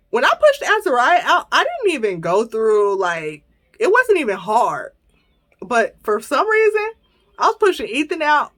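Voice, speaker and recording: Woman, 30s, podcast host, casual storytelling, animated, laughing, acts out her own lines. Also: a little high.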